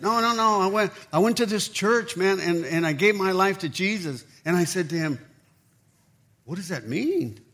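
Pastor, man, high voice, energetic storyteller who plays out the dialogue in his sermon. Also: normal speed. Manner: animated storytelling, acts out quoted dialogue.

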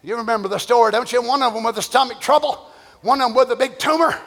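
A man preaching a fervent, shouted revival sermon, chanting repeated praises. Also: extremely high pitch, fast, vocal fry. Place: church. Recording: long church reverb with congregation.

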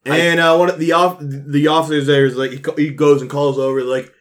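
A man's voice: on the high side, flat delivery, brisk. Casual man running a tabletop game. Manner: casual, dry, describes scenes plainly. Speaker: game master.

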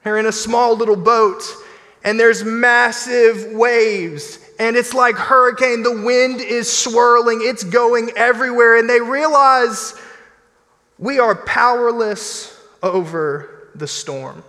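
A man preaching a sermon as pastor, in an animated, conversational style with playful asides. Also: extremely high pitch, slow pace. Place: church sanctuary. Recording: long church hall reverb.

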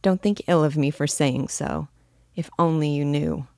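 Woman reader as a guarded young woman; firm, measured, low and close. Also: steady tone, vocal fry, no echo. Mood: frank. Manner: frank, measured, gently firm. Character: frank, cautious young woman, warm but firm. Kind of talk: audiobook dialogue reading.

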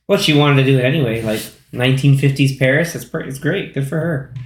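A man's voice: mid-range voice, quick pace, echoey room. A man co-hosting a podcast and talking casually about a film, acting out bits of scenes as he goes. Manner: animated, acts out lines from scenes. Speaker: podcast co-host. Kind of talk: casual movie discussion.

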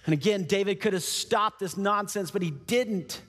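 A pastor with a high voice delivers an animated, conversational sermon and acts out the story as he tells it. His words ring on in the long reverb of a large church hall. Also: moderate pace. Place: church auditorium.

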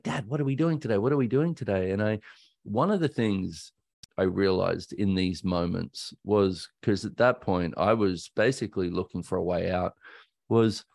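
Candid Australian man, deep dry voice. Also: a little mellow, dry recording. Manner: candid, halting, self-correcting. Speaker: podcast host. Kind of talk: personal storytelling monologue.

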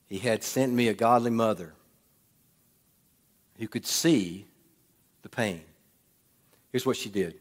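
A man preaching a sermon in a church, swinging between loud bursts and hushed, quiet lines. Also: mid-range voice, lively intonation, normal speed, pauses often. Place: church sanctuary. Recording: long hall reverb.

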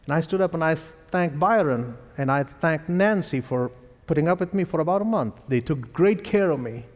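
A man's voice: fairly high pitch, moderate pace. Indian man preaching in a reverberant hall. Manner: animated storytelling with chuckles. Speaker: pastor. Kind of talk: sermon. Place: church sanctuary.

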